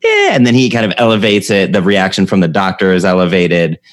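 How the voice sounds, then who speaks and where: A man with a very deep voice talks loosely about writing jokes and performing on stage. He laughs often and gets animated when he tells a story. The sound is dry and close. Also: a little fast, dry recording. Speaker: comedian and podcast host. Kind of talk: casual chat about comedy craft.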